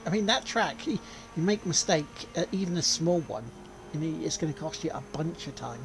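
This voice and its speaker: A man chatting on a racing game livestream. His pitch swings up and down as he teases and laughs, swearing casually along the way. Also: animated, a little fast, gravelly, noisy background. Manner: joking, swears freely, laughs often. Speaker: livestream co-host. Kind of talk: casual chat over a racing game stream.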